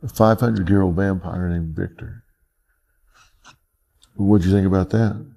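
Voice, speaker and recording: A man interviewing calmly, asking probing questions and repeating answers back. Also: low voice, normal speed, vocal fry.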